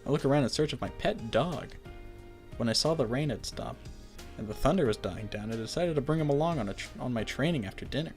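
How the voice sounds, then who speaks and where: A man's voice: medium pitch, expressive, fast, a little mellow, faint music behind. A man hosting a game playthrough, reading the story text aloud and breaking off with dry, joking asides. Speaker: let's play host.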